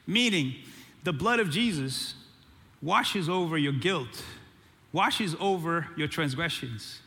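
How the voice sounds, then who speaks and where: A man delivers an animated sermon, calling out to the crowd for a response. His voice sits high and rings bright. Long hall reverb trails behind every phrase. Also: slow. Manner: animated preaching with call-and-response. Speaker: pastor.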